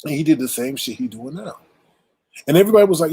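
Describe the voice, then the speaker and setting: Casting note: adult male commentary host, AAVE speech, husky slightly high voice, dry close recording, blunt exasperated ranting delivery. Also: animated, quick pace, long pauses, dark tone, no echo, rough recording. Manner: blunt, exasperated, rhetorical, profane.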